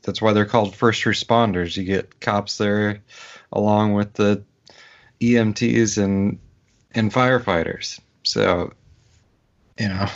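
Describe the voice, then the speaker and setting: A man with a lowish voice speaks slowly and deliberately as a podcast co-host. The audio is muffled and lo-fi. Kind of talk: casual political podcast chat.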